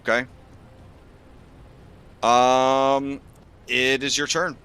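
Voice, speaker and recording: Bright-voiced male game master. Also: medium pitch, little pitch movement, extremely slow, smooth. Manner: rambling, full of fillers and restarts. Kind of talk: narrating a tabletop game.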